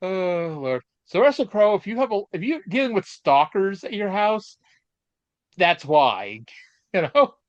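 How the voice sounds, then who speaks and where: A man's voice: sits high, big pitch swings, a little slow, dry recording. A man co-hosting a casual chat podcast, telling stories in a rambling, hesitant way with many fillers. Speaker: podcast co-host. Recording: dull lo-fi dry sound.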